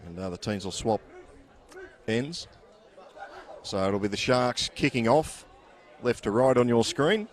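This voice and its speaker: An Australian man commentating live at a local football ground, chatty and relaxed with many fillers. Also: mid-range voice, measured pace, pauses often, a faint crowd. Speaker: sports commentator.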